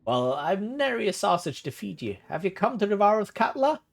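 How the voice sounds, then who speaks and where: A man's voice: high voice, big pitch swings, brisk, gravelly, voice pushed up, heavily acted. A man voicing an eccentric old male gnome uncle who talks in an archaic folksy way. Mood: gruff. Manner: archaic folksy speech with ye and aye.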